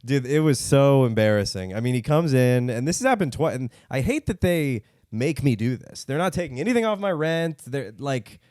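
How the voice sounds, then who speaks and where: A young man co-hosting a podcast, telling funny stories in a casual, animated way and acting out other people's lines in exaggerated voices. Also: mid-range voice, normal speed, few pauses, dry recording, studio quality. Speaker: podcast co-host. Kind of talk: casual comedic storytelling.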